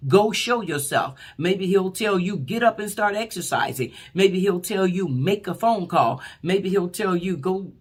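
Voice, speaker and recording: A woman preacher giving a short, fervent sermon in a colloquial way, with many fillers and loud cries when she quotes prayers. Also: on the low side, breathy edge. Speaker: apostle, preacher.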